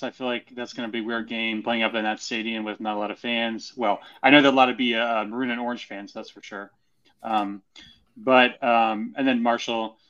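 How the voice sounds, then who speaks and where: A man's voice: mid-range voice, fairly bright tone, muffled recording. A man in a casual sports podcast chat, hesitant and thinking aloud with many fillers.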